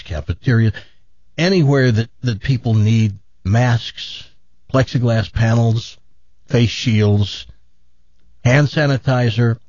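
A man hosting a radio talk show, chatting and joking, then pitching a sponsor in a salesman-like way. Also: a little mellow, dry recording, dull audio. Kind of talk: casual radio chat and live read.

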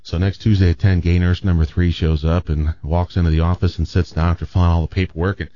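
A man's voice: low voice, fast talker, dull audio. A man hosting a radio show in casual chat, telling a story with many restarts. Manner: rambling with restarts, animated joke telling.

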